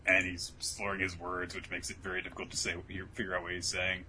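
A man's voice: sits low, brisk, hardly any pauses, a little hiss or hum. A man co-hosting a casual podcast, recapping an anime episode and acting out the characters' lines as he goes. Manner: animated recap, jumps into loud character voices for quotes. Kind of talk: casual chat.

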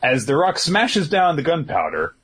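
A man in a casual talk, retelling a story with animated energy and acting out lines. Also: on the high side, moderate pace, husky. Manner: animated storytelling, acts out quotes, swears casually. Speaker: podcast co-host recapping a manga chapter.

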